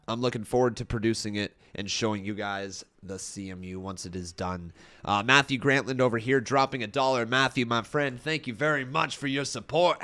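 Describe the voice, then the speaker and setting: A man's voice: lowish voice, normal speed, sharp tone. A young man hosting a casual wrestling watch-along stream, chatty and reading out viewer comments, his voice a little tired and strained. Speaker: live stream host. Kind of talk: casual live-stream chat.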